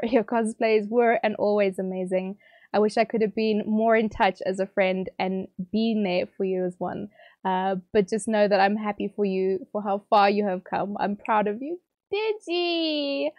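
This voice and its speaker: A woman streamer reading out viewer messages on a livestream, teary and emotional, bubbly and quick to laugh. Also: medium pitch, level tone, a little mellow, dry recording.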